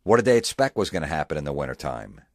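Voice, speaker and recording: A man's voice: very deep voice, big pitch swings, quick pace, a little mellow, no echo, clean studio sound. A male comedian ranting sarcastically, mocking and swearing. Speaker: comedian host. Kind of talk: comedic rant.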